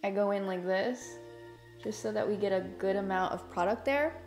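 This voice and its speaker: Young woman vlogger, excitable and chatty, mid-range voice, casual tutorial delivery. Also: medium pitch, normal speed, faint music behind. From Hispanic background, speaks without Spanish accent. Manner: bubbly, enthusiastic, chatty. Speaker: beauty YouTuber. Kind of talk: makeup tutorial talk.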